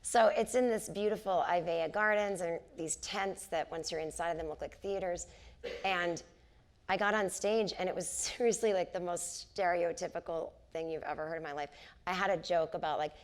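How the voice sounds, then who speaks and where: A woman in her forties tells stories in a relaxed onstage conversation, her voice set a little low. She acts out the people she quotes as she goes, picked up by a stage microphone in a theater. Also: normal speed. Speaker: comedian and author, interview guest. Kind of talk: casual onstage conversation, storytelling. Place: theater stage before a live audience.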